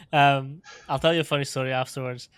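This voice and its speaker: A man who works as a strength coach, explaining his training in casual podcast talk, filling pauses with "like" and "um". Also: mid-range voice, smooth, no echo. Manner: even, filler-heavy explaining with frequent "like" and "um".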